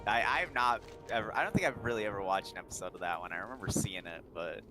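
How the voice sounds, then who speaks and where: A man's voice: on the low side, fast, over music, poor audio. A man in casual chat on a gaming stream. He rambles, swears a lot and laughs while retelling a story. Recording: loud background noise with clicks.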